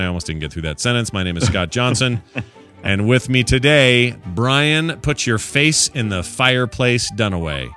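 A man's voice: on the low side, animated, a bit bright, soft background music. Joking man hosting a film podcast. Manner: jokey, laughing, quick banter. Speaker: podcast host. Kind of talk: casual film podcast chat.

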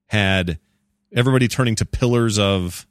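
A middle-aged man hosting a casual film podcast, wry and quick to laugh. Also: on the low side, no echo, clean studio sound. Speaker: podcast host.

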